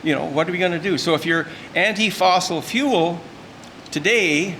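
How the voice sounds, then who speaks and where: A man's voice: high-pitched, normal speed, pushed and bright, a little hiss or hum. An older man, giving a folksy, emphatic, rambling informal speech at a luncheon. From Canada. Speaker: speaker at a luncheon. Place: event room.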